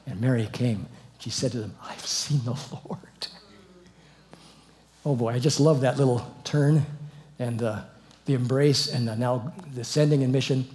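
A man preaching an expository sermon, telling the story with animated asides and chuckles. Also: medium pitch, normal speed.

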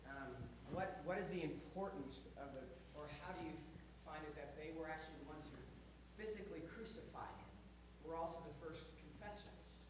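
Brief: male student, hesitant, slightly high voice, echoey room with background noise. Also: moderate pace. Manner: hesitant, quiet questioning.

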